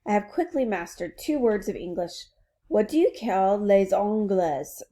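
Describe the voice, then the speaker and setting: A woman's voice: medium pitch, big pitch swings, moderate pace, warm tone, close to an everyday voice. A woman voicing an eager young French princess who carefully sounds out English words. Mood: earnest.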